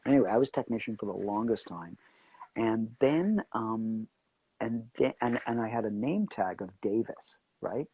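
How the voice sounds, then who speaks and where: A husky-voiced man tells stories in an interview, jumping into quoted voices as he goes. His delivery is animated and chatty. The sound is close and dry, with no room around it. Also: on the low side, moderate pace, no echo, low-quality recording. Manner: animated storyteller acting out quotes. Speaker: actor guest. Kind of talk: anecdotal interview chat.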